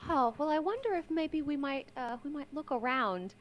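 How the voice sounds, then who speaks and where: A woman's voice: high voice, animated, moderate pace, lo-fi sound. A woman playing in a tabletop game, explaining her character thoughtfully with many hesitations. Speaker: player. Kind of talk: casual tabletop play.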